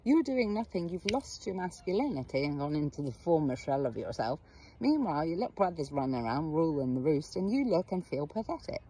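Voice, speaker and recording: A middle-aged woman speaks straight to the viewer with a gravelly edge to her voice. She is a therapist telling a story, blunt and frank and not shy of a swear word, and she keeps asking the listener questions. A faint hiss of noise sits under her voice. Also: low voice, big pitch swings, a little fast, mellow. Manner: direct address to the viewer with questions. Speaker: therapist and coach. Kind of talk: storytelling monologue to camera.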